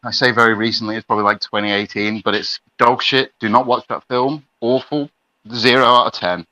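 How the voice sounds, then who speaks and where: Blunt, bright-voiced young man. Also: medium pitch, steady tone, fairly quick, dry recording, poor audio. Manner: blunt, crude, mocking. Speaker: co-host reacting to clip. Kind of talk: casual reaction chat.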